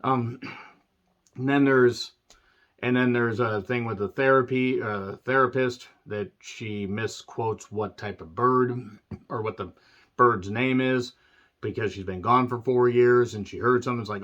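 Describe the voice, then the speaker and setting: A man ranting through a movie recap, sarcastic and profane, often clearing his throat. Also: mid-range voice, a little slow, a bit bright, highs cut off. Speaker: movie reviewer.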